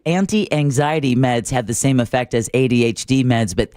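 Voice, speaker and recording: A man co-hosting a talk radio show, wry and quick to laugh along in casual banter. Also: medium pitch, darkish tone, dry recording, clean studio sound. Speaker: radio co-host. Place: radio studio.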